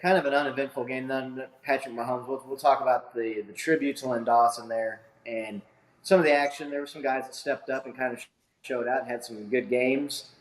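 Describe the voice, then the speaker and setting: Male podcast host on a video call, casual and rambling, mid-pitched, echoey room. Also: steady tone, brisk. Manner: rambling, many fillers and restarts. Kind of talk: casual sports chat.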